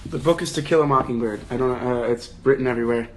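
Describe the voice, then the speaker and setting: Young guy on a phone livestream talking through a book, restarts a lot, asks viewers stuff, mid-pitched voice. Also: fast talker. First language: English. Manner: thinking aloud, frequent restarts and rhetorical questions. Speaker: livestream host leading a book discussion. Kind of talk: casual livestream chat.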